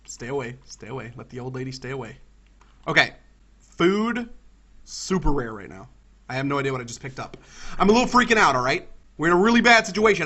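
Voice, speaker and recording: High, bright-voiced excitable gamer man. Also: a little fast. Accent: Southern US. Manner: excitable, talks to himself and his viewers. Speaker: gaming YouTuber. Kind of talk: let's-play commentary.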